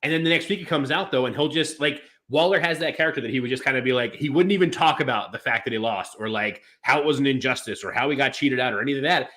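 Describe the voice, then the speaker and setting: A man's voice: medium pitch, quick pace, few pauses, sharp tone. A man co-hosting a wrestling podcast, talking casually in long rambling turns full of fillers and restarts. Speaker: podcast co-host.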